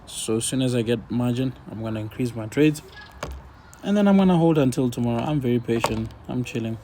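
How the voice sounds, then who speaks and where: A man's voice: mid-range voice, a little fast, mellow, a little hiss or hum. A laid-back man casually commenting on his forex trades while sharing his screen, talking half to himself as he watches the charts.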